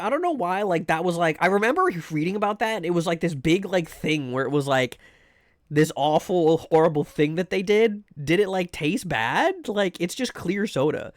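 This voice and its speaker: A man's voice: on the high side, dry recording, clean studio sound. A man streaming live, chatting casually with viewers in a rambling way, full of fillers and restarts. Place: home room.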